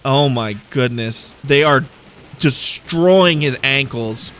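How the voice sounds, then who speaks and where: A man's voice: mid-range voice, slow pace, a bit bright, a little hiss or hum. A man giving playful, joking let's-play commentary, wandering off on tangents as he plays. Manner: playful, jokey, goes off on tangents. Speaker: gaming YouTuber.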